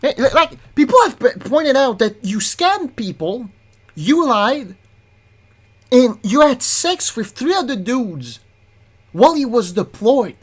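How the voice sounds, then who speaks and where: A woman's voice: fairly high pitch, sing-song, takes it slowly, breathy edge. A woman host ranting angrily through a reaction commentary, profane and exasperated, often stumbling and restarting her words. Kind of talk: angry reaction commentary, reading a document aloud.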